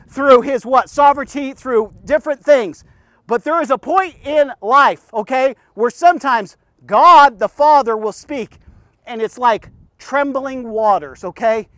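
A man preaching a devotional sermon, emphatic and full of rhetorical questions and "okay?", swinging between loud urging and hushed low talk. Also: no echo, studio quality.

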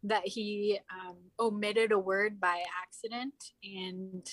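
A woman on a comedy podcast, chatting casually and landing deadpan absurd jokes. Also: medium pitch, slow pace, no room sound. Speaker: podcast guest.

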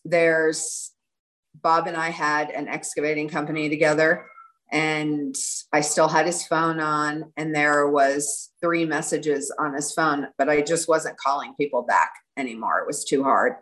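A middle-aged woman telling an animated story in an interview and acting out the lines of the people in it. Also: low voice, measured pace, poor audio. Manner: animated, breathless storytelling with quoted dialogue. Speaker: guest.

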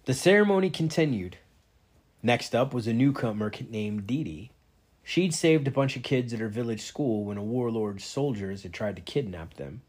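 A man reads a novel aloud with steady, even first-person narration. His voice is husky and sits at a mid pitch. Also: moderate pace. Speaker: reader.

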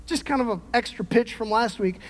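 A middle-aged male pastor preaching a sermon, emphatic, swinging from shouted peaks to quiet conversational asides. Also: very high voice, a little fast. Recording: long hall reverb.

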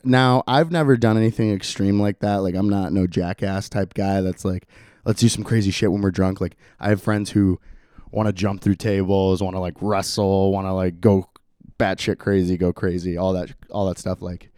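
Rambling young man, low and dry. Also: steady tone, moderate pace, darkish tone, clean tone, no echo. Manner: rambling, laid-back, laughs often, says "like" constantly. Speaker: podcast host. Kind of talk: solo casual podcast chat.

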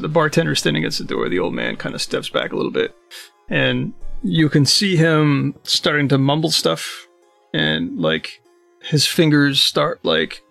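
A man narrating a tabletop game as game master, hesitant and filling pauses with um and uh. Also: on the high side, gravelly, a bit bright. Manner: hesitant, full of fillers.

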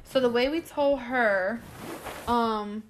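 A young woman chatting casually, telling a story with lots of laughter, cursing and high-pitched quoted voices. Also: slow pace, a little hiss or hum. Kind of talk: casual chat.

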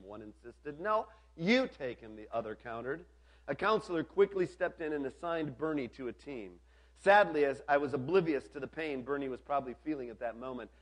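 A man preaching an earnest storytelling sermon, dropping to a soft low voice on key lines.

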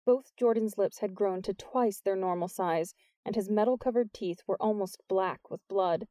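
A woman reading a novel aloud as an audiobook narrator, with steady scripted narration. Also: moderate pace, no room sound. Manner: lifts her pitch for the characters' lines.

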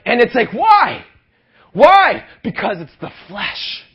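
Young male pastor, high voice, energetic rally sermon, muffled lo-fi recording. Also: slow, husky. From Canada. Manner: energetic preaching, asks the crowd for amens, rises to shouts. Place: youth rally hall.

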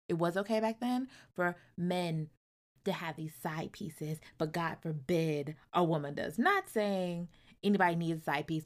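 A woman retelling a novel's plot in a casual chat, acting out the characters' lines and breaking into loud, colloquial asides. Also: on the low side. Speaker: book reviewer. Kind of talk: casual book recap.

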